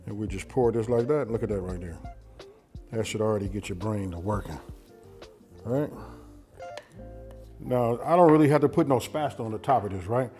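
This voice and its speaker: A man's voice: lowish voice, moderate pace, pauses often, over music. A man hosting a home cooking channel, talking through a recipe in a folksy, chatty way and often asking "you know what I mean?". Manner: eats while talking at times. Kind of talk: casual cooking demonstration. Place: home kitchen.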